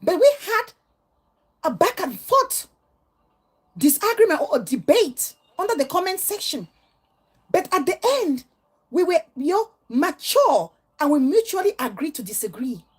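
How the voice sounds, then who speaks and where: A middle-aged woman vlogger delivers an earnest, emotional, and preachy monologue to her viewers. Her voice is extremely high with big pitch swings, and she speaks in an unhurried way, making it a heartfelt vlog talk.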